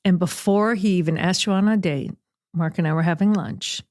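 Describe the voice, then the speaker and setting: Chatty, animated woman host, dry sound. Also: fairly low pitch, no echo. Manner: animated, chatty storytelling with quick asides. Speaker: radio sports talk host. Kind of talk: casual chat.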